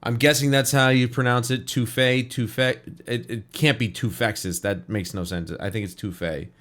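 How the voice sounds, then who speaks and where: A man's voice: medium pitch, steady tone, moderate pace, fairly bright tone. A young man hosting a reaction video, talking through his thoughts in a rambling, candid way with frequent restarts. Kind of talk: casual spoken reaction commentary.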